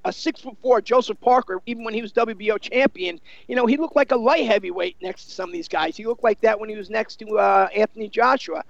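Male pundit, high and creaky, dry close sound, loose rambling delivery. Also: animated, quick pace, few pauses, no echo, dull audio. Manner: rambling, filler-heavy with many you-knows. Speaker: boxing analyst. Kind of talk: casual sports discussion.

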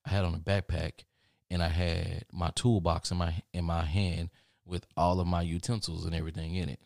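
A man's voice: low voice, little pitch movement, moderate pace, vocal fry, darkish tone, dry recording, clean studio sound. A young man casually telling a long personal story, rambling and profane, laughing at himself as he goes. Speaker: podcast host.

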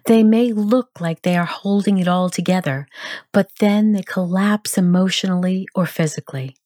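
A woman hosting a podcast, giving gentle, measured advice in a soft voice that sometimes drops to near whispers. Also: on the low side, dry recording, clean studio sound. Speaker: podcast host. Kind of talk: slow reflective advice talk.

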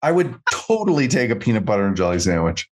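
Easygoing low-voiced middle-aged man. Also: sing-song, fast talker. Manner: easygoing, wry, quotes lines in playful voices. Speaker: podcast co-host. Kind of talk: casual chat recapping an episode.

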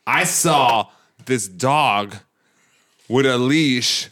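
A man's voice: mid-range voice, drawn-out words, fairly bright tone. A man chatting casually before a tabletop game, rambling through a story, swearing a lot and laughing often.

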